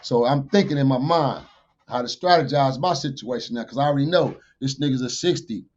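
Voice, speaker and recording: A man, a podcast guest, telling a street story in animated fashion. He swears freely and gets loud whenever he quotes himself. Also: mid-range voice, brisk, lo-fi sound. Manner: profane, loud bursts when quoting himself.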